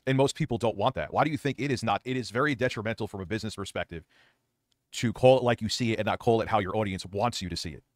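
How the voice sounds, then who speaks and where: A man's voice: fairly low pitch, fast, no room sound, clean studio sound. A man giving casual reaction commentary, blunt and profane, getting worked up as he talks. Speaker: streamer commentator.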